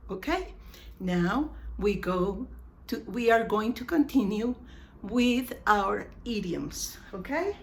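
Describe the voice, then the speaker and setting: A woman teaching an English lesson, repeating example phrases slowly for emphasis. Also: mid-range voice, slight background noise.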